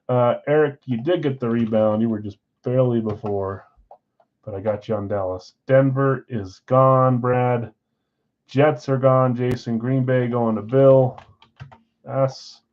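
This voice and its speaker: A man's voice: mid-range voice, muffled recording. A man hosting a live card break from a card shop, chatting casually while rattling off names and teams.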